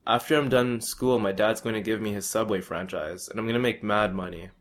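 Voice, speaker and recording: A man's voice: lowish voice, fairly even intonation, a little fast, lightly acted. A man reading as a cocky young friend who talks slang. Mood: laid-back. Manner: laid-back, boastful slang. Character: cocky young male basketball-playing friend.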